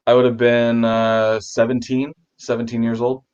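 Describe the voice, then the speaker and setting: A man who is a guest on a casual video chat, rambling with restarts, talking warmly about his pets. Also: medium pitch, monotone, normal speed, clean tone, lo-fi sound.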